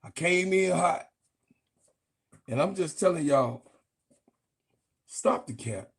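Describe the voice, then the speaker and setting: A man hosting a sports channel, ranting in a profane, excitable way and laughing through his talk. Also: fairly high pitch, slow, vocal fry, breathy edge.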